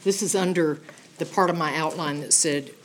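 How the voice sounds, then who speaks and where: A middle-aged woman teaching a Bible study in an animated, emphatic, conversational way, often checking in with "okay?". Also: low voice, moderate pace, a little hiss or hum.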